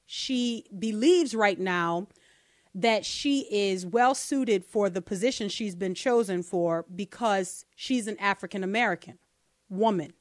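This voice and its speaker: Woman podcast host, animated rhetorical political chat, dry close mic. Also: medium pitch, unhurried, no room sound. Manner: animated, rhetorical, asks listeners to bear with her.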